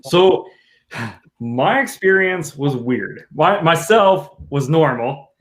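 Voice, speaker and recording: A man with a somewhat high voice tells an anecdote on a casual podcast. He is animated and jokey and slips into acted-out quotes as he goes. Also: takes it slowly. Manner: animated, joking storyteller who acts out quotes.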